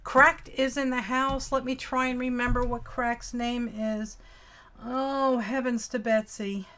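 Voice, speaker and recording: A woman's voice: a little high, flat delivery, unhurried, a bit bright. A woman hosting a casual craft live stream, greeting chat viewers with affectionate pet names and folksy, old-fashioned exclamations.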